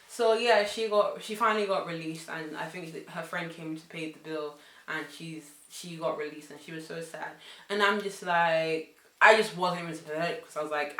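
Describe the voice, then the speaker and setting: A young woman tells a casual story, her voice low-pitched but bright and forceful. She swings from loud exclamations to hushed asides. The room around her is echoey. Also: fairly even intonation, a little fast. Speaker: vlogger.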